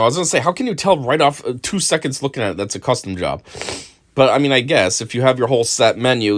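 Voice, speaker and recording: A man giving casual video commentary, rambling with lots of fillers and frequent chuckles. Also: mid-range voice.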